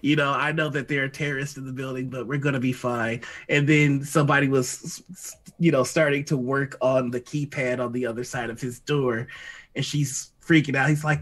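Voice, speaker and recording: A man's voice: medium pitch, steady tone, normal speed, fairly bright tone. A man co-hosting a live stream, chatting casually, joking and laughing often. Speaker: co-host. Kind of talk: casual chat.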